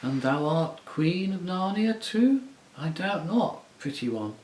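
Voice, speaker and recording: A man reading an audiobook, voicing a soft, soothing, half-mocking enchantress queen. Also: medium pitch, animated, measured pace, echoey room, a little hiss or hum, natural voice, rough recording. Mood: coaxing. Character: silky, coaxing enchantress queen, woman. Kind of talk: audiobook character voice.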